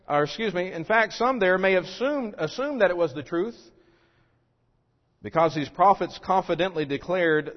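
A man preaching a sermon to his congregation, building to forceful questions and then dropping to a quiet, low voice. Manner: emphatic, rising to loud rhetorical questions then dropping low. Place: church sanctuary. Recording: dull recording with long hall reverb.

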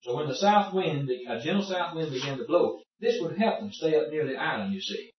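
A man's voice: a little high, expressive, a little fast, slight background noise. Man teaching a Bible class in an echoey room. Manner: folksy, explanatory, asks the class questions. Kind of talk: informal Bible study lesson. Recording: echoey room, distant muffled mic.

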